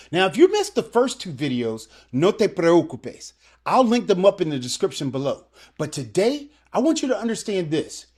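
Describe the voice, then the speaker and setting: A language teacher delivering a scripted video lesson in an encouraging, coaching manner, switching between English and Spanish phrases and repeating example sentences slowly for learners. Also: medium pitch, darkish tone.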